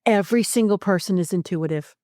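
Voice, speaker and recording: A woman hosting a podcast interview, chatting casually and telling stories with animated acted-out voices and frequent laughter. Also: medium pitch, brisk, no echo, clean studio sound. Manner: animated storytelling, acts out voices, laughs often. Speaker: podcast host.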